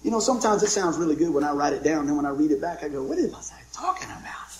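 A man's voice: on the high side, lively intonation, fast talker, echoey room, low-quality recording. A middle-aged man preaching a sermon, telling folksy jokes and stories and calling out for amens from the congregation. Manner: folksy, joking storyteller with call-and-response amens. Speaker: pastor.

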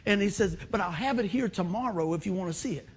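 Preaching through an extended personal tale, this middle-aged man from West Virginia animates the story by voicing its characters and breaking into loud whoops. He talks fast in a high voice, over a slight hiss or hum.

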